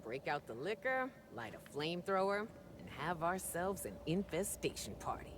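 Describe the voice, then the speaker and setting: A woman's voice: fairly low pitch, sing-song, moderate pace, slight background noise. A woman voicing a reckless companion character in a video game, with a dry, wry delivery.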